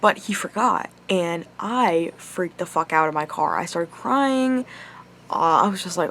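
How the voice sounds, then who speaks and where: A woman's voice: fairly low pitch, expressive, unhurried, fairly bright tone, a little hiss or hum. A young woman telling a personal story to her camera, rambling with lots of swearing and filler words. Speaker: vlogger. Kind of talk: casual storytime monologue.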